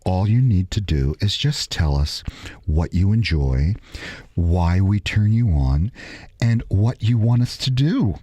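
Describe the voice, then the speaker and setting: A man's voice: deep voice, expressive, slow, warm tone, no room sound. A man co-hosting a radio show, joking and teasing in playful banter. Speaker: radio co-host.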